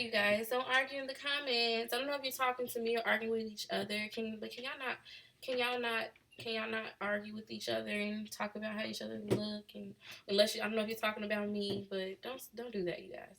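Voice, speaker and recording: Chicago woman, late twenties, slightly high bright voice, loose drawling chat with viewers. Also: flat delivery, brisk, gravelly, a little hiss or hum. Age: late 20s. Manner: chatty, drawling, answering comments. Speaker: livestream host. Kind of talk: casual live chat with viewers.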